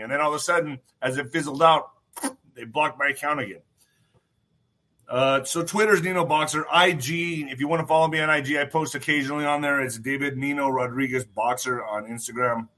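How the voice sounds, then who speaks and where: A man's voice: fairly high pitch, bright, forceful tone. A man hosting his own livestream in casual talk, emphatic, repeating phrases and swearing freely. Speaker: show host.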